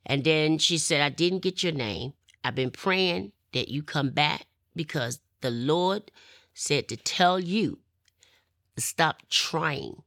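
A woman tells her personal testimony in an interview. Her voice sits low but rings bright and forceful, and she acts out the people in her story as she goes. The sound is dry and close, with no room around it. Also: takes it slowly, dry recording.

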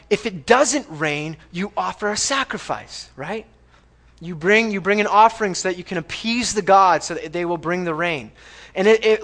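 In a church sanctuary, a pastor with a high voice preaches in a conversational style, frequently checking in with the congregation. He moves from loud, emphatic lines to quiet reading.

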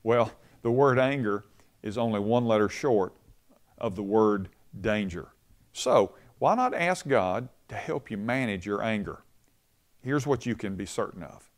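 A man's voice: on the low side, animated, unhurried. A man giving a short devotional radio message, telling a story in a conversational preaching manner.

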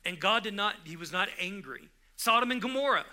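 Bright, high-voiced male preacher. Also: animated, a little fast. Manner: conversational preaching with frequent restarts, rising to emphatic bursts. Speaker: pastor. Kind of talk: sermon.

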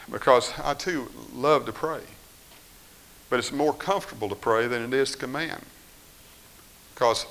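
A man delivers a sermon with a bright, forceful tone at a middle pitch. He reads scripture aloud and swings between quiet, firm statements and raised, pleading voices. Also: low-quality recording. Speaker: preacher.

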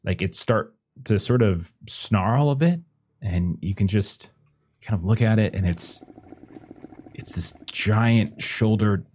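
A man's voice: on the low side, slow, a little mellow, breathy edge. A man running a tabletop game as game master, narrating loosely with many fillers. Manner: hesitant, lots of kinda and uh.

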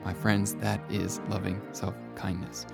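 A man coaching listeners on self-kindness in a soft, intimate way, calling the listener his friend. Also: on the low side, level tone, a little slow, vocal fry, loud music behind the voice. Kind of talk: gentle motivational monologue.

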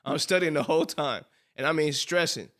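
A man co-hosting a podcast with a Southern US accent, telling a college story in casual chat, animated and quick to laugh. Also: a little high. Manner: animated storyteller, laughs often, says "bro". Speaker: podcast co-host.

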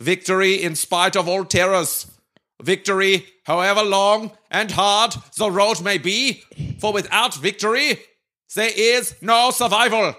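A man's voice: high-pitched, fairly even intonation, unhurried, pushed and bright, pitched above the performer's own voice. A man voicing a pompous older male wartime orator with a mock German accent, declaiming a speech in grand, rising tones.

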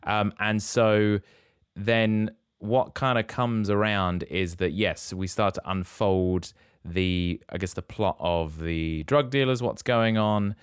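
A man's voice: on the low side, steady tone, slow, clear, resonant tone, no echo, clean studio sound. A man co-hosting a podcast, recapping a film plot in casual, teasing chat. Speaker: podcast co-host.

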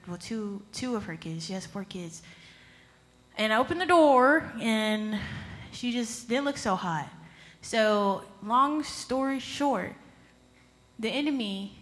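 A woman's voice: medium pitch, a bit bright, big-room sound. A woman speaking at a youth church service, sharing an emotional personal testimony and rising into fervent exhortation. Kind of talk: sermon.

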